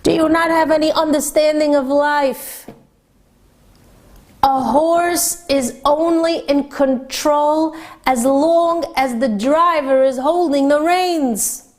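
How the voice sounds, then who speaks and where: A woman acts out an angry businessman in a teaching parable, shouting and scolding his sleepy driver in a raised, high voice. He lectures with scorn and sharp emphasis. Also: steady tone, slow pace. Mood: scornful.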